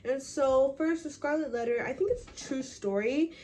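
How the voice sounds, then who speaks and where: A young woman casually summarizing a classic novel, full of "like" and "um", slipping into quick voices for the townsfolk. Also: sits high, darkish tone, slight background noise. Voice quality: chatty, filler-heavy, lots of "like". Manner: acts out townsfolk in quick quoted bits. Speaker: book summarizer.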